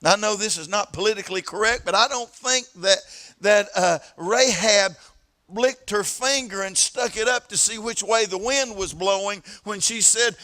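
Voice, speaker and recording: A pastor from the southern United States with an East Tennessee accent, preaching a sermon in a storytelling way, repeating words and stretching out key phrases. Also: male voice, sits high, moderate pace, sharp tone. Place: church sanctuary.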